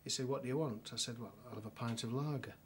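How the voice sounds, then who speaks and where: A middle-aged man with a northern English accent recounts an old case in a documentary interview. His voice sits at an ordinary middle pitch and his delivery is dry and wry, full of small restarts and fillers. A faint hiss of background noise runs under the recording. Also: quick pace. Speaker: solicitor telling an anecdote.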